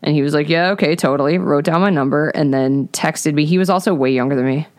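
Female comedian, chatty storyteller, bright quoted voices, dry close sound. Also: low voice, fast, dry recording. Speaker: comedian guest. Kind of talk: casual chat, storytelling.

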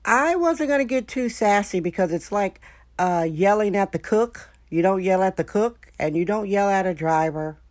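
A woman's voice: medium pitch, expressive, normal speed, darkish tone, no room sound, studio quality. A woman hosting a podcast, telling a story in a chatty, frank way and talking straight to her listeners. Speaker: podcast host. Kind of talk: casual storytelling monologue. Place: San Francisco.

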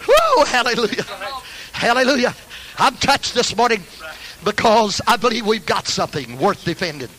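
An older man preaching a sermon as pastor, fervent, breaking into hallelujahs and shouted peaks. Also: high-pitched, expressive, normal speed, rough recording.

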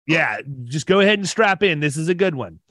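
A man's voice: fairly high pitch, lively intonation, brisk, fairly bright tone, dry recording. A man of around fifty, an insurance business owner, telling casual stories on a podcast with energy, often repeating words and laughing.

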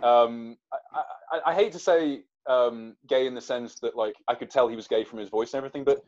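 A man, a guest actor, telling an animated story in a casual interview, with hesitant restarts. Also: mid-range voice, brisk, lo-fi sound.

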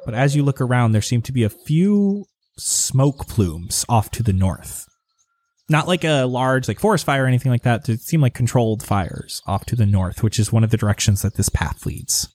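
A man's voice: mid-range voice, animated, normal speed, darkish tone, no room sound. Man narrating as game master. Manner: loose, descriptive, filler-heavy.

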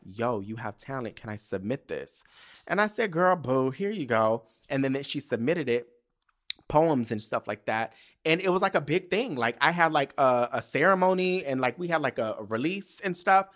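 A man's voice: medium pitch, fairly bright tone. Candid, profane young man storytelling. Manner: candid, profane, emotional, often tearful and laughing. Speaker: podcast host. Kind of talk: casual solo podcast storytelling.

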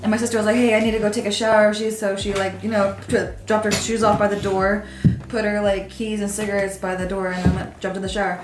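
A woman's voice: medium pitch, quick pace. Woman telling a story, music behind. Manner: animated, laughing storyteller. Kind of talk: casual storytelling chat. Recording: roomy echo with music.

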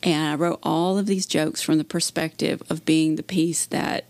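A woman's voice: low-pitched, steady tone, moderate pace, a little mellow, no echo. A woman comedian telling stories in a casual interview, chatty and laughing often. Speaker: comedian guest.

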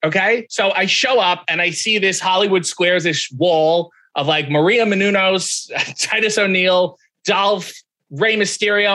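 High-voiced bright man telling a story. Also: unhurried. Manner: animated, acts out quoted voices. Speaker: podcast guest. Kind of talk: casual storytelling chat.

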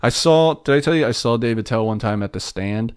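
A man's voice: medium pitch, a little fast, smooth, no echo, clean studio sound. A young man from Pennsylvania, a comedian, chatting casually on a podcast and telling rambling, swearing stories. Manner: rambling, swearing, animated storytelling with voices.

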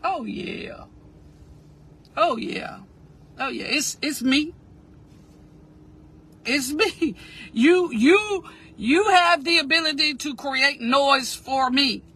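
A woman's voice: high-pitched, slow pace, pauses often, a bit bright. A woman giving a motivational talk, repeating phrases with emphasis in a preaching cadence and asking listeners to say lines with her. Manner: addresses listeners directly and asks them to repeat. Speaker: motivational speaker.

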